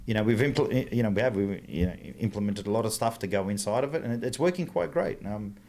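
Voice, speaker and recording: A man's voice: on the low side, lively intonation, fast talker, vocal fry, darkish tone. A man with an Australian accent talking bluntly as a podcast guest, often circling back and restarting his sentences. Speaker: guest, engine builder. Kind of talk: casual podcast chat.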